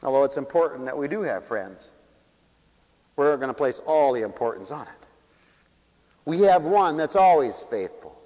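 A man preaching a sermon, swinging from loud declarations to hushed asides. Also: mid-range voice, expressive. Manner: rapid asides to the audience. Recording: dull echoey hall recording.

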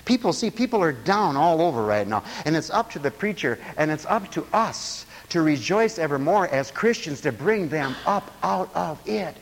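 A man preaching a lively sermon, telling stories and acting out the voices of the people in them. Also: a little high, normal speed, hardly any pauses, big-room sound, poor audio. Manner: animated storyteller, acts out quoted voices, laughs often.

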